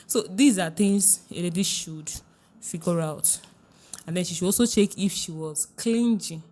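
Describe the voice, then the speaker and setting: Earnest woman coach, slightly low voice. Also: measured pace, mellow. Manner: earnest and emphatic, repeats key phrases. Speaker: relationship coach. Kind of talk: podcast interview, giving advice.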